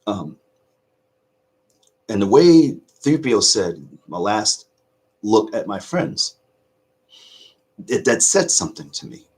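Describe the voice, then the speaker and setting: A middle-aged man hosting a casual reaction video, choked up with emotion, talking earnestly in halting restarts. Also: lowish voice, sing-song, husky. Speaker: YouTube reaction host.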